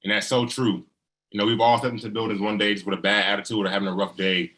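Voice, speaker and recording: A man on a video call with a low voice and a bright, forceful tone. He speaks in an earnest, folksy way as he pays tribute to his wife. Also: level tone, fast talker. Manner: earnest and folksy, peppered with "you know". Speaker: husband giving a tribute speech.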